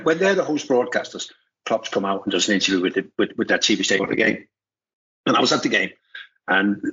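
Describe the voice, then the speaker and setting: A middle-aged former footballer talking as a pundit in casual podcast chat, rambling with restarts and tag questions. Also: male voice, mid-range voice, fairly bright tone. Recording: muffled lo-fi audio.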